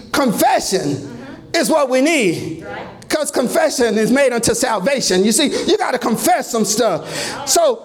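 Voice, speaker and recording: Man, preacher, high-pitched, slow and drawn-out, impassioned shouting, church sermon. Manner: impassioned shouting and chanting, with rising cries. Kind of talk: fervent sermon.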